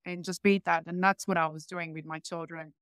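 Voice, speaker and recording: Croatian accented woman in her 40s, low smooth voice, earnest and reflective, dry close sound. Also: little pitch movement, fairly quick, a bit bright, dry recording. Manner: earnest and reflective, non-native grammar. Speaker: podcast guest, healer coach. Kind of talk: interview answers.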